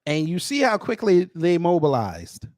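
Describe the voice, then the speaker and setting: Man hosting casual commentary, sardonic and animated, fairly high voice, dry close sound. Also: moderate pace, no room sound. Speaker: commentary channel host.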